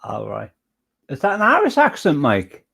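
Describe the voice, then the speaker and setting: English man, chat host, rambly and halting, casual. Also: on the high side, huge pitch swings, gravelly, fairly bright tone, husky. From England.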